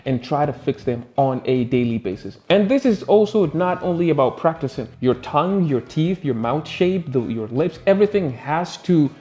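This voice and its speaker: A man, a native Arabic speaker, gives an English pronunciation lesson in a casual, playful way, letting his pitch swing up and down for emphasis. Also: animated, normal speed, hardly any pauses, a little mellow. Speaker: English tutor.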